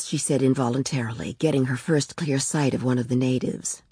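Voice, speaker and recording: Female story reader: low, husky, calm, dry close sound. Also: fairly quick, hardly any pauses, no echo. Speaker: narrator. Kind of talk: reading a short story aloud.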